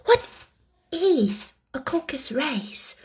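A woman's voice: sits high, sing-song, extremely slow, voice pushed up, heavily acted. A woman voicing a soggy, melancholy little girl. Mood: glum.

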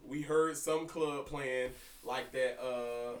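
A young man co-hosting a podcast, telling a story in casual, profane chat with an animated delivery. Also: mid-range voice, slow pace, distant mic, a little hiss or hum. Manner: animated, profane, breaks into laughter. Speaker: podcast co-host. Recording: roomy echo, somewhat off-mic.

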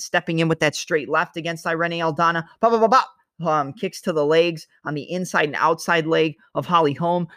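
A man with a fairly high voice talks through fight analysis as a show host, loose and chatty, with the occasional burst of sound effects for punches. The sound is dry and close, with no room echo. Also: a bit bright. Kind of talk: casual fight breakdown monologue.

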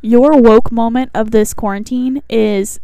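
A woman co-host with a slight Southern accent chats playfully and laughs often. She draws out her s sounds, and her voice sits fairly high. The recording is close and dry, made in a bedroom. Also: fairly even intonation, measured pace, gravelly, warm tone, smooth, no room sound. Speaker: podcast co-host. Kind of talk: casual chat.

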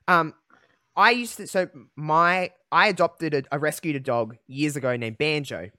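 A young man hosting a podcast, telling a personal story in a candid, emotional way, halting often with fillers. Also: fairly high pitch, bright, forceful tone, no room sound, clean studio sound. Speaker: podcast host.

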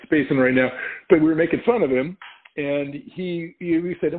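Husky middle-aged man on a tinny line. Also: on the high side, moderate pace. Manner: animated, laughs often, acts out quotes. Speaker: podcast guest. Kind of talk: casual storytelling chat.

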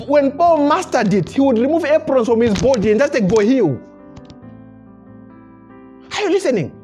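Before his congregation at a church service, a pastor delivers a lively sermon full of chuckles and repeated words, restarting phrases as his point takes shape. He speaks at a normal speed in a very high voice, with faint music behind him.

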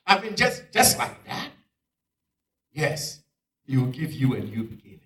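Dramatic preacher with roomy echo. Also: male voice, mid-range voice, sing-song, measured pace, long pauses. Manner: dramatic, swings from loud exclamations to near-whispers. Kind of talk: sermon. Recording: echoey room, picked up from far off.

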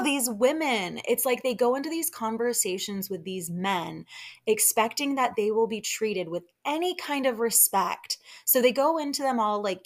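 A young adult woman hosting a podcast, recapping a reality show in heated, opinionated casual commentary with sighs and asides. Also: mid-range voice.

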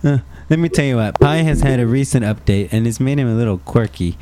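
A man's voice: mid-range voice, animated, fairly quick, background noise. A man hosting a podcast in casual chat, playful and laughing often. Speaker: podcast host.

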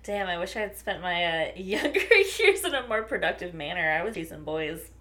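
A young adult woman co-hosting a podcast, reacting with quick sympathetic comments and offhand swearing in casual chat. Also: lowish voice, animated, a bit bright. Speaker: podcast co-host.

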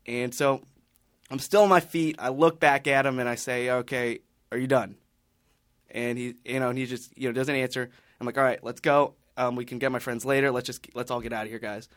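A man's voice: mid-range voice, fairly even intonation, brisk, a bit bright, no room sound, clean studio sound. A man on a podcast panel telling a long story in casual chat, rambling with many restarts and fillers.

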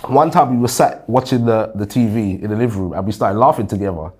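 A man, a guest and worship leader, telling his story in an earnest, measured way in an interview. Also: lowish voice, darkish tone, slight background noise.

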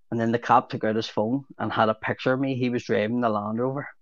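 A man's voice: medium pitch, steady tone, quick pace, no echo. Sweary Belfast man telling stories. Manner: sweary storyteller, laughs often. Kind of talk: casual podcast chat. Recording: dull lo-fi audio.

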